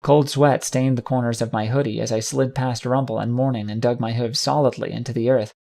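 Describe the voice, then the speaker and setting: A man reading a first-person fan fiction audiobook with steady, dramatic storytelling. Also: mid-range voice, brisk, gravelly. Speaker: audiobook narrator.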